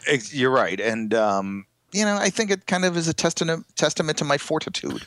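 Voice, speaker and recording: A man's voice: fairly high pitch, expressive, a little fast, a bit bright, dry recording, studio quality. Rambling man with a blocked nose. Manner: rambling, hesitant storyteller. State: congested nose. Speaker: podcast co-host. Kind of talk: casual comedic chat.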